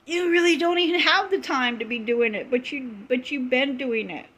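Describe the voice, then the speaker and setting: A woman's voice: high voice, moderate pace, a bit bright, breathy edge, poor audio. A middle-aged woman on a casual live stream, retelling an upsetting story in an indignant, emphatic way, with lots of repetition.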